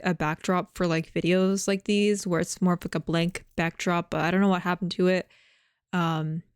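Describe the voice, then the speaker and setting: A woman's voice: fairly low pitch, clean tone, no echo, studio quality. A young adult woman VTuber chatting casually to her viewers, rambling with many fillers and restarts while chewing gum. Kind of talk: casual chat to camera.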